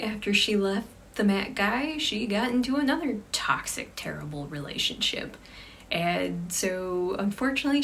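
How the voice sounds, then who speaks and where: Woman host for a laid-back storytime vlog. She is lively and drops into hushed asides, and the mic sits a bit distant with faint noise. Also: mid-range voice. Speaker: cosplayer hosting a chat show. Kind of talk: casual storytelling chat.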